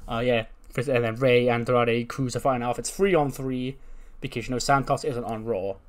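A man's voice: medium pitch, fairly even intonation, moderate pace. A young man casually recapping a simulation game, chatty and swearing freely. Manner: chatty, swears, laughs at the results. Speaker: gaming channel host.

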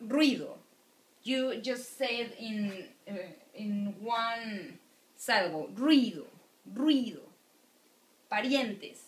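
A woman gives a video lecture in a slightly high voice. She speaks very slowly and patiently, saying words clearly for her students to repeat. The room around her is echoey. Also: fairly bright tone. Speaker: Spanish teacher.

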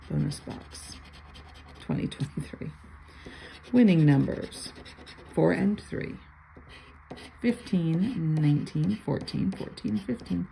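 A gravelly, fairly low-voiced older woman chats casually while scratching lottery tickets, calling out numbers and half-muttering asides. A faint hum of room noise sits under her voice. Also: warm tone, low-quality recording. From Florida.

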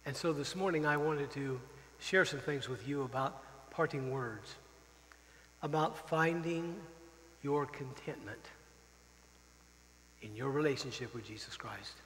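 A man who is a missionary pastor gives an earnest, visibly emotional farewell sermon in a church sanctuary, leaning on repeated phrases for emphasis. He speaks at a measured pace in a fairly bright mid-range voice, captured roughly with a big-room sound.

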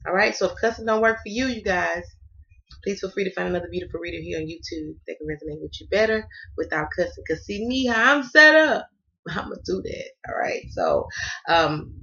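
A woman's voice: lowish voice, a little fast, gravelly, dull audio. A woman from the American South doing a casual tarot reading, sassy and playful and cussing freely. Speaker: tarot reader.

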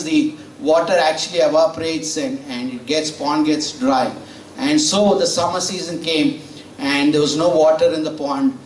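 A man's voice: fairly high pitch, a little hiss or hum. Male preacher echoing in a church. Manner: conversational, with fillers, asks the congregation questions. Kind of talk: sermon with storytelling. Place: church sanctuary. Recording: roomy church audio from far off.

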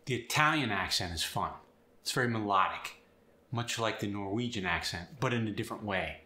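A man teaching accents and explaining sounds step by step in an upbeat, clear way. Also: fairly low pitch, expressive, a little fast, sharp tone, roomy sound. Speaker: accent coach. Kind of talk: instructional video.

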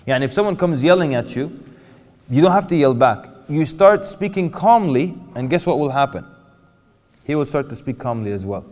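A man preaching an animated lecture to an audience, asking them questions and acting out quotes. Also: mid-range voice. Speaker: Islamic preacher. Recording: hall reverb.

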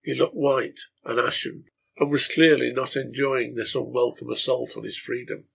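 A man reading a novel aloud in a steady storytelling manner. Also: mid-range voice, normal speed, gravelly, breathy edge. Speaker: reader of a translated serial novel.

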